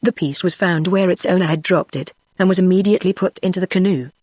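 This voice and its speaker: A text-to-speech voice narrating a classic novel in an even, measured computer reading. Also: mid-range voice, no echo. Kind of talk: synthetic audiobook narration.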